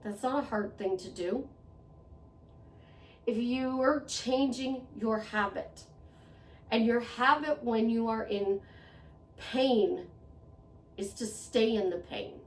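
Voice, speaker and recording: A woman's voice: a little high, slow, long pauses. A woman speaking to the camera in a motivational monologue, earnest and conversational, repeating phrases for emphasis. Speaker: self-help vlogger. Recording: echoey room, voice a bit far from mic.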